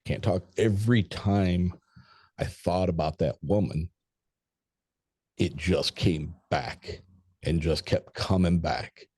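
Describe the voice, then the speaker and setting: Middle-aged man, very low voice, dry close sound, rambling and profane storyteller. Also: steady tone, takes it slowly, pauses often, darkish tone, husky, dry recording. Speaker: podcast guest. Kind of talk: casual storytelling.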